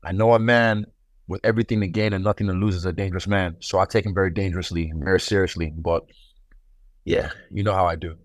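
Laid-back swaggering man, low and dry. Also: steady tone, fast talker, no echo. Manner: laid-back, swaggering, acts out others' lines. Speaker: guest fighter. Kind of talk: casual interview chat.

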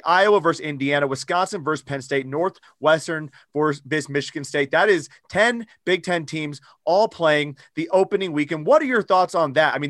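Fast-talking brash man hosting a podcast. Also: on the high side, fairly bright tone, dry recording, clean studio sound. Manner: brash, opinionated. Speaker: podcast host. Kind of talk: casual sports podcast chat.

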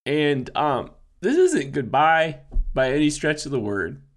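A man co-hosting a podcast, crying as he speaks haltingly, full of fillers and teary laughs. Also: on the high side, sing-song. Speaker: podcast co-host. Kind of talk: emotional podcast farewell.

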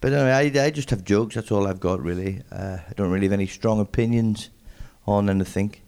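A young man with a strong accent doing a stand-up comedy set, mumbling and wry in a deadpan way. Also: on the low side, quick pace, clean tone. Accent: strong regional accent. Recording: noisy live venue recording.

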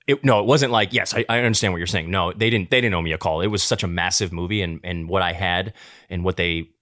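A man's voice: deep voice, fairly bright tone, dry recording, studio quality. A man guesting on a podcast, talking casually with many fillers and restarts. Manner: quick, rambling, many fillers. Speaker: guest actor. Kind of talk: casual interview chat.

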